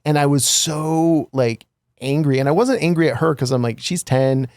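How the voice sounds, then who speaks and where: A man's voice: a little high, normal speed, darkish tone, dry recording, clean studio sound. A middle-aged man co-hosting a casual podcast, telling a candid personal story with lots of fillers and asides. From United States. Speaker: podcast co-host.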